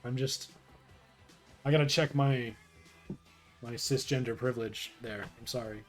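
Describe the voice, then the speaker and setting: A man's voice: mid-range voice, steady tone, unhurried, faint music behind. A young man chatting casually on a live stream, rambling and self-deprecating, with frequent restarts. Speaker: streamer reading a webcomic aloud.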